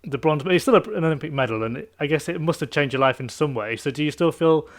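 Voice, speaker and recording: A man's voice: a little high, animated, quick pace. A man hosting a podcast, asking friendly questions and summing up what his guest says. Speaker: podcast host. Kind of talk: casual podcast interview.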